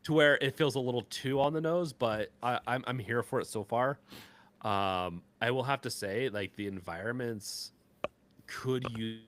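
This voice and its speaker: A man co-hosting a live gaming podcast, talking casually in a rambling, halting way full of fillers and restarts. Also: mid-range voice, a bit bright, a little hiss or hum. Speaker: podcast co-host.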